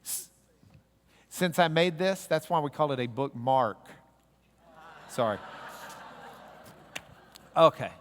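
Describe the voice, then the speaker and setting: A man's voice: a little high, slow pace, long pauses. A man teaching a Bible literacy class, joking and quizzing his audience as he goes through the letters. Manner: jokey, animated teaching with audience call-and-response. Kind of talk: classroom lecture. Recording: echoey hall recording.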